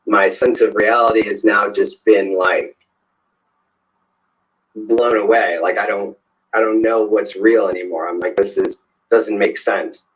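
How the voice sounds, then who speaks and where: A man's voice: fairly low pitch, fairly even intonation, unhurried, long pauses. A man, a podcast guest, telling a personal story in a conversational way, hesitant, with many fillers and restarts. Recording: dull lo-fi sound.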